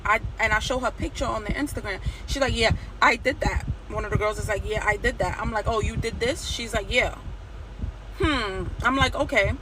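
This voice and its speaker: A woman's voice: a little high, fairly quick, background noise. A woman from Nigeria telling a story in a blunt, profane rant, acting out the lines of the people in it. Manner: blunt, profane, animated retelling with quoted dialogue.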